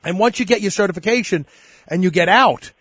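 A male radio host whose voice sits a little high for a man. He rambles, repeats himself and leans on fillers as he chats with a guest. The sound is dry and close, with no room around it. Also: fairly quick, a bit bright, slightly rough, dry recording. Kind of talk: casual interview chat.

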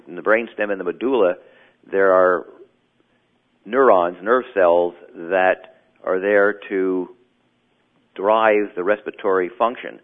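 A man explaining sleep medicine as an interview guest, measured and clinical. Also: low voice. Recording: tinny phone line.

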